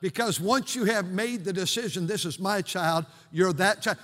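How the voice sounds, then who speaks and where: Older male pastor preaching, high, ringing voice, goes from shouts to hushes, long echo of a church hall. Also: normal speed, few pauses. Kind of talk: sermon. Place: church sanctuary.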